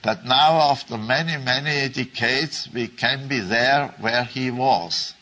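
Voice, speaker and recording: Slow, deliberate man teaching scripture. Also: mid-range voice, bright, forceful tone, rough recording. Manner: deliberate, repeats phrases, chuckles at asides. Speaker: religious teacher. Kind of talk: slow explanatory Bible talk.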